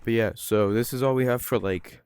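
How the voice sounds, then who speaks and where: A man's voice: medium pitch, moderate pace, darkish tone, smooth. A man hosting his own gaming channel, chatting casually as he plays, rambling and filling his talk with ums, restarts and trailing-off phrases. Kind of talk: casual gameplay commentary.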